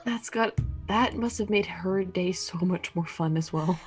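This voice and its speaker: A woman's voice: lowish voice, measured pace, soft background music. A woman co-hosting a live stream, listening and reacting with short responses. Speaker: streamer co-host. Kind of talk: casual chat on a live stream.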